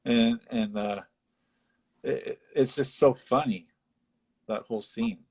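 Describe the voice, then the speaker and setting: A man co-hosting a live chat, retelling film scenes and jumping into high-pitched voices to quote characters. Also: slow, slightly rough. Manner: animated retelling, acts out lines in high voices. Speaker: podcast co-host. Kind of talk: casual chat about a film.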